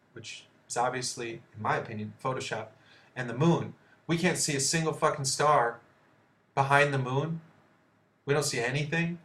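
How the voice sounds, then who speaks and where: A man's voice: medium pitch, fairly bright tone. A man rants through news stories in a blunt, profane, heated way, swearing freely as he comments. His voice sits in the middle of the male range. The room around him rings with a noticeable echo. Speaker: video host. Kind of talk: ranting commentary on news articles. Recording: echoey room.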